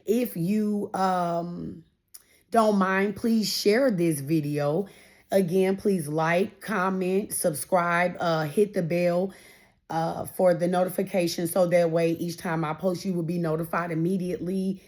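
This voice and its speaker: A woman's voice: on the low side, fairly even intonation, takes it slowly, darkish tone. A woman giving a casual tarot reading straight to her viewers, encouraging and repeating phrases for emphasis. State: getting emotional. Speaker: tarot reader.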